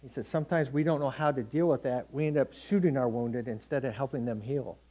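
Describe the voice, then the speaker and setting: A man's voice: mid-range voice, fairly quick, warm tone. A middle-aged man preaching a sermon in a conversational, storytelling way, acting out quotes from everyday people.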